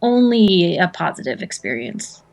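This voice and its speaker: A woman's voice: lowish voice, sing-song, unhurried, vocal fry, darkish tone. A woman guesting in a casual interview, rambling and self-deprecating, restarting her sentences often. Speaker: voice actor guest.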